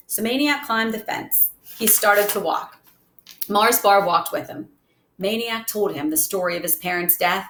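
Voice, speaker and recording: A woman reading a novel aloud in a steady storybook narration. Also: medium pitch, a little slow, a little hiss or hum. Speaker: reader. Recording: roomy echo.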